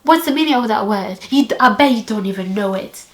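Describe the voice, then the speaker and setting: A woman putting on the voice of a condescending male university supervisor, mocking in a high sing-song way. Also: expressive, brisk, echoey room, close to an everyday voice. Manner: sneering, sing-song mockery.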